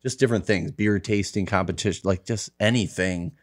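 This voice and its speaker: A man guest in a casual podcast chat, relaxed and rambling, swearing casually. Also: low-pitched, brisk.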